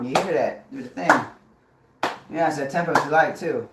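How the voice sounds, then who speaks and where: A man talks on a livestream in a roomy space with a clear hum of noise behind him. He chants strings of nonsense words in a rhythm, then turns to profane, confrontational ranting at his audience. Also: a little high, moderate pace, pauses often. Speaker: livestream host. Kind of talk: rambling livestream monologue.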